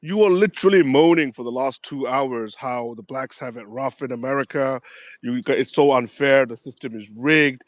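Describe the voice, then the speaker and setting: A man's voice: mid-range voice, normal speed, no room sound. A man calling into a radio show who argues provocatively and talks over the host. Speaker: caller. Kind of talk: call-in radio talk.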